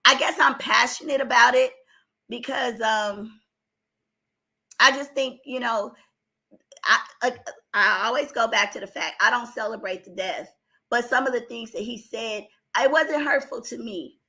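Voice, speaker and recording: An unhurried older woman with a highish, pushed, bright voice and vocal fry gives opinionated vlog commentary. She's emphatic and exasperated, and her strained voice builds into outbursts.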